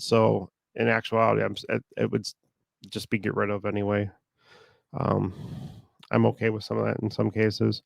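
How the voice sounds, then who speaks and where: Gravelly low man, monotone and rambling. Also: dry recording. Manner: rambling, talks while working on a computer. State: sore throat. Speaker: online reseller. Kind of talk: casual talk while working.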